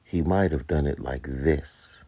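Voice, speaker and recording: A man's voice: rumbling low, unhurried, mellow, dry recording. A man in his fifties giving casual, profane commentary, incredulous and emphatic. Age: 50s. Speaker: commentary host.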